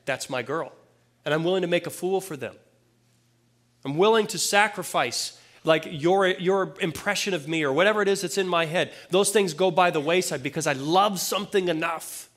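A man's voice: high voice, normal speed, a bit bright. Man preaching in a casual, conversational way. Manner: conversational, plain-spoken with casual asides. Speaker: pastor. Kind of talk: sermon.

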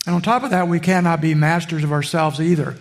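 Male pastor, slightly higher voice, easygoing conversational sermon delivery. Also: fairly even intonation, fast. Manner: conversational preaching with frequent "uh" fillers.

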